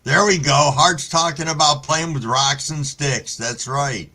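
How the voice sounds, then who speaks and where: Bright-voiced laid-back male streamer. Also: fairly high pitch, measured pace. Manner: laid-back storytelling, heavy swearing; greets viewers by name. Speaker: livestream host reading chat. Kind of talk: casual live-stream chat.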